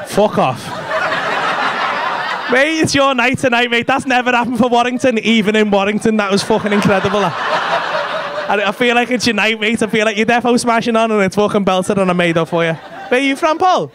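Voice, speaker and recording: A male stand-up comedian, doing loud, sweary crowd work with the front row in a comedy club. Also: sits high, brisk. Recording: live club recording with crowd noise. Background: laughing audience.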